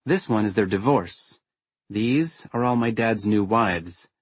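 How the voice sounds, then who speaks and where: A man voicing a witty young woman who lectures in a frank, lightly sarcastic way, with a husky tone. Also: lowish voice, animated, slow, dry recording, full character voice. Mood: explaining playfully. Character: witty teasing young woman, blunt and playful.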